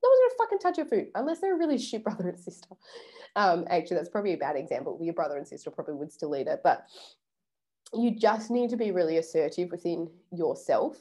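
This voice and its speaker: A woman's voice: lowish voice, animated, quick pace, mellow. A young woman vlogging casually about personal boundaries, chatty and swearing freely, acting out little quoted exchanges. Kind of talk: casual self-help vlog.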